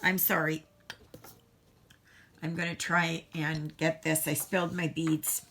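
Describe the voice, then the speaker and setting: Middle-aged Canadian woman, crafting vlogger, rambling casual chat, unhurried delivery, lower-pitched voice. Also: level tone, fairly bright tone, a little hiss or hum. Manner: rambling, self-interrupting, chatty.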